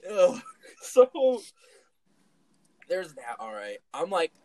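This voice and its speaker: High-pitched man, lively swings in pitch, animated comedic storytelling, swears a lot. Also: very slow, low-quality recording. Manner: animated, swears, laughs through his story. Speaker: podcast co-host and storyteller.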